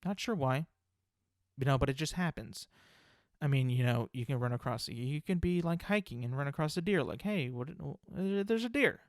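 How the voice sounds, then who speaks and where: A man's voice: medium pitch, moderate pace, dry recording, studio quality. A young man hosting a solo comedy podcast, rambling and full of fillers, joking at his own expense. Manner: rambling, filler-heavy, self-deprecating. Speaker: podcast host.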